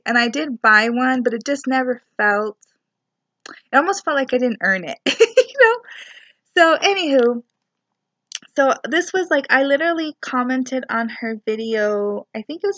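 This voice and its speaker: A young woman tells a meandering story to her camera, chatty and loose, with asides and fillers. Her voice sits a little high, and the sound is dry and dull, like a lo-fi home video recorded in her apartment. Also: normal speed, bright, forceful tone, no room sound. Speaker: spiritual vlogger, student.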